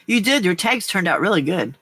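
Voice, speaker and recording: A woman's voice: lowish voice, very animated, brisk, a bit bright, slightly rough, no room sound. Chatty woman hosting a late-night craft stream. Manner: chatty, giggly, talks to her cats and viewers. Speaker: craft livestream host.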